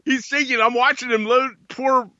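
A man recounts a story in an animated, bright voice that leaps up for quoted lines. The sound is dry and a little dull, like a lo-fi recording. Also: very high-pitched, normal speed, dry recording. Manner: animated, acts out quotes in a raised voice. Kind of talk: casual storytelling.

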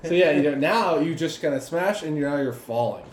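A man's voice: a little high, animated, brisk. A man narrating as the game master of a tabletop game, loose and rambling, laughing often. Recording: roomy echo, faint background noise.

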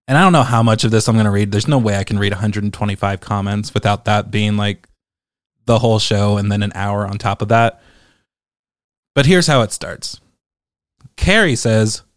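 A man's voice: lowish voice, moderate pace, pauses often, no room sound. Male commentator, casual rant, profane and exasperated, dry studio sound. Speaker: commentator reading online comments.

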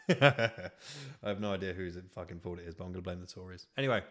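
A man's voice: low-pitched, level tone, racing. A man with a British accent, hosting a podcast and delivering a sweary, exasperated, self-mocking comedic rant. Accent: British English. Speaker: podcast host. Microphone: podcast microphone.

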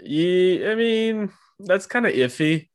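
A man's voice: high voice, lively intonation, takes it slowly. A man hosting a podcast with a stuffy nose from allergies, moving from a scripted intro into easygoing, chatty conversation. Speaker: podcast host. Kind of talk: podcast intro and casual chat.

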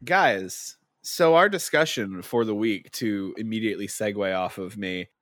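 In clean studio sound with no room echo, a male podcast co-host chats casually in a lowish voice. He's an animated storyteller who laughs frequently as he talks.

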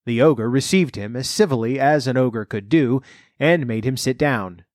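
Guy reading a fairy tale out loud, middle pitch, dry close sound, wry little asides. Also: no room sound. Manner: measured narration with wry asides. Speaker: storyteller. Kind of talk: storybook reading with commentary.

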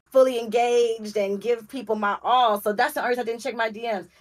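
A woman's voice: on the high side, steady tone, a little fast. A woman guest on a live stream, talking through tears and laughter with effusive thanks. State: crying. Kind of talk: emotional live stream chat.

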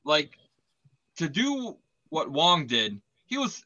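A man's voice: a little high, sing-song, slow pace, bright, forceful tone, muffled recording. A man co-hosting a casual sports podcast, explaining the game and putting questions to his co-hosts. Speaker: podcast co-host.

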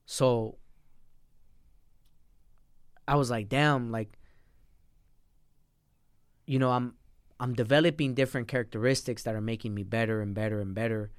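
A man's voice: medium pitch, fairly even intonation, moderate pace, long pauses, clear, resonant tone, dry recording, studio quality. Profane young man telling his story. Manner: blunt, heavily profane, emotional storytelling. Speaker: podcast guest. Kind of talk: casual storytelling interview.

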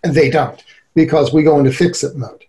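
A middle-aged man speaks as an interview guest with an earnest, animated manner. His voice carries a gravelly fry and a warm, mellow colour, set slightly higher than most men. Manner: earnest, animated, quick to laugh. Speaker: guest expert on relationships. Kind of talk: conversational interview.

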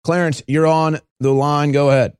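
A man hosting a call-in radio show, taking callers and breaking into animated mocking impressions. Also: normal speed, clear, resonant tone, no echo, clean studio sound. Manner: animated, jumps into high mocking voices for impressions. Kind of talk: talk radio host taking calls.

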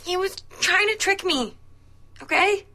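An actress playing a young mother telling her child a story in a film scene, gently but insistently. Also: extremely high pitch, animated, a little slow, full character voice. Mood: patient. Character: young mother, woman, patient and guarded. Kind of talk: film dialogue.

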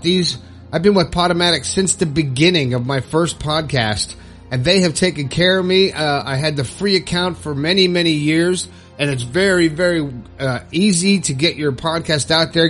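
A man's voice: a little high, fairly bright tone. Upbeat chatty podcast host, a man. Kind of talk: casual solo podcast talk.

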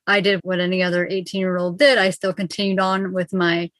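A woman in her twenties from Ontario, speaking calmly and soothingly as an interview guest on a video call. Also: fairly low pitch, dry recording. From Ontario, Canada. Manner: calm, soothing, measured. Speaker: guest, mindset coach.

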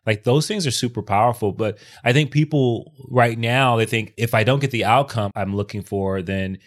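A man's voice: mid-range voice, normal speed. A man in casual podcast chat, reflecting on things and often restarting his sentences. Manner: reflective, talks in metaphors and restarts.

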